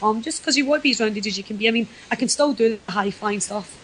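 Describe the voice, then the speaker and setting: A woman's voice: fairly high pitch, quick pace, slight background noise, low-quality recording. A Scottish woman, a wrestler guest, chatting casually and self-deprecatingly in a podcast interview. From Scotland.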